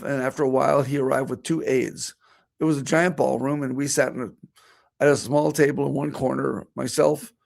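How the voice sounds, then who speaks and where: Middle-aged male vet with a heavily gravelly, mid-pitched voice, relaying a personal story in a speech. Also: darkish tone. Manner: storytelling, quoting himself and others. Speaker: veterinarian giving a talk.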